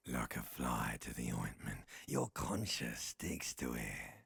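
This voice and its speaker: A man voicing an ominous, ancient primal voice inside the mind, speaking in a slow, deep, gravelly half-whisper for a video game. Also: big pitch swings, fairly bright tone, exaggerated voice.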